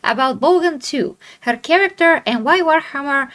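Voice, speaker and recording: Playful woman reading aloud, higher voice. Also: lively intonation, moderate pace, fairly bright tone. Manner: playful, stumbles over hard names. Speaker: channel host. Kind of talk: reading an interview aloud with asides.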